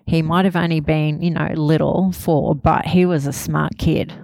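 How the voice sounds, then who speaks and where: A woman in her thirties, a grieving mother speaking candidly in an interview, halting and laughing softly through painful memories. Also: low voice, steady tone, no echo. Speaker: interview guest, bereaved mother. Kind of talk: emotional personal interview.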